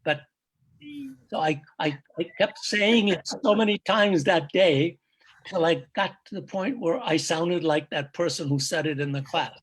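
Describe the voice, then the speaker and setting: An older man, a native Urdu speaker, telling stories from his past in a reflective, halting way during casual chat. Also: on the high side. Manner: reflective storytelling, halting restarts. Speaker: guest, father of the hosts.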